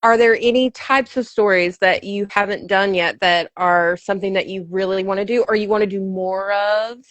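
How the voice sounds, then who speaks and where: A woman's voice: mid-range voice, fairly even intonation, no room sound. A woman hosting a podcast, chatting enthusiastically and joking with her guest. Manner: enthusiastic, gossipy, quick to joke. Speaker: podcast host. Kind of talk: casual interview chat.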